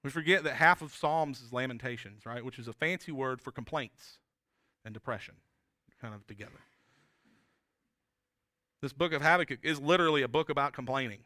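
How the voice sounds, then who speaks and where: A man's voice: medium pitch, brisk, long pauses, sharp tone, no echo, studio quality. A man preaching a sermon as pastor, talking in an earnest, conversational way with frequent restarts and tag questions.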